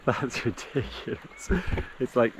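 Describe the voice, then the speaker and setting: A man's voice: medium pitch, steady tone, takes it slowly, gravelly, noisy background. A British man vlogging as he backpacks alone, chatty and full of exclamations, talking now and then to his dog. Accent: British English. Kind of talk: casual outdoor vlog narration. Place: outdoors on open hillside.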